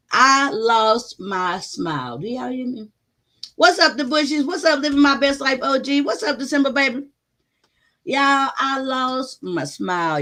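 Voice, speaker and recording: A woman hosts a casual livestream from her home, talking straight into her phone to her chat. Her voice sits high and rings bright and forceful. She tells her story loudly and with lots of animation, and she swears freely as she goes. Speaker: livestream host.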